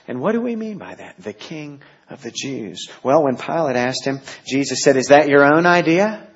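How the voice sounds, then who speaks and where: A man preaching a sermon in a husky, somewhat breathy voice. He moves between quiet prayer and forceful scripture reading. The recording sounds dull and lo-fi. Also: on the high side, big pitch swings, normal speed, hardly any pauses. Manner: prays softly, then reads scripture with rising intensity. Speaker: pastor.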